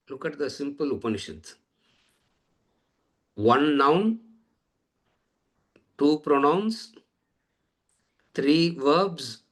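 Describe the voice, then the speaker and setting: A man's voice: a little high, a bit bright. A man teaching a lecture on scripture, repeating phrases and asking rhetorical questions. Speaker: Vedanta teacher.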